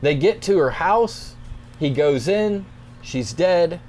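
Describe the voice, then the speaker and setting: Young male youth pastor, easygoing conversational devotional delivery, lightly raised pitch, faint background hiss. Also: slow pace. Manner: relaxed, conversational, plainspoken encouragement. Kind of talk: devotional talk, scripture reading then explanation.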